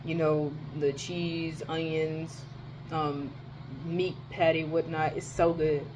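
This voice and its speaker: A young woman telling a rant in a casual vlog from her dorm, animated and profane, her voice jumping high when she exclaims. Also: slow pace, background noise. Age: young adult. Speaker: vlogger.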